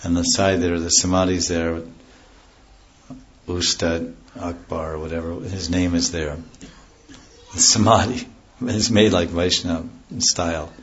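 The speaker is a man with a low-pitched, level voice, talking a little slowly; the highs are cut off and there's a bit of hiss or hum. Teaching a devotional class, he rambles off into stories, loses the thread, then puts scripture terms into plain words.

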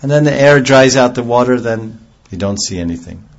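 A man's voice: mid-range voice, lively intonation, brisk, dull audio. A man giving an earnest devotional sermon, explaining ideas with homely examples. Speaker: preacher.

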